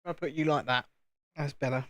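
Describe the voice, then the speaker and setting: A chatty British man with a slightly higher voice, talking casually to his viewers and mocking himself as he works. The sound is dry and close, with no room around it. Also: fairly even intonation, a little fast, a bit bright, dry recording. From United Kingdom. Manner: chatty, self-deprecating, talks to himself. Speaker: streamer. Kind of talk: casual chat while building.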